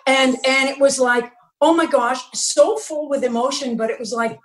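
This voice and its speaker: A woman's voice: high voice, steady tone, moderate pace, a bit bright. Effusive woman in an echoey kitchen. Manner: effusive, emotional storytelling. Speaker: actress guest. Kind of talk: casual interview chat. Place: home kitchen.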